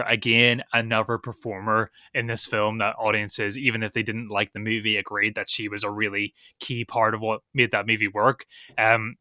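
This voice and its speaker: A young man with a Northern Irish accent, co-hosting a casual film podcast and giving opinionated, animated critiques. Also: on the low side, dry recording, studio quality. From Northern Ireland. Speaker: podcast co-host.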